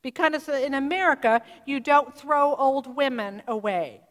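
A woman voicing a gentle old German grandmother in a retold sermon story. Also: high-pitched, unhurried, big-room sound.

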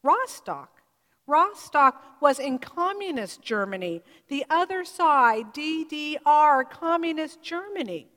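High-voiced woman telling a sermon story. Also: sing-song, a bit bright. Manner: measured, vivid retelling of a story. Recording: reverberant hall.

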